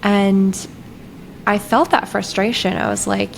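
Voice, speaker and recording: Animated woman telling a story. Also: mid-range voice, takes it slowly, gravelly, slight background noise, poor audio. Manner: animated, frequent "like" fillers. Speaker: guest, breathwork facilitator. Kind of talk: conversational storytelling.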